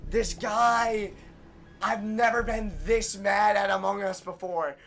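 A young man giving live commentary on his own gameplay, ranting and swearing in exasperation, swinging from shouts down to muttering. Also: high-pitched. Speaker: gaming streamer.

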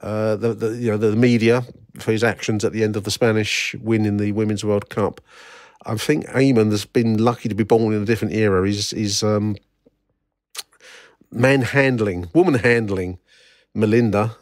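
Wry rambling English podcast host. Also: male voice, fairly low pitch, fairly even intonation, moderate pace, no echo, clean studio sound. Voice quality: wry, rambling, many fillers and restarts. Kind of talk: casual solo podcast commentary.

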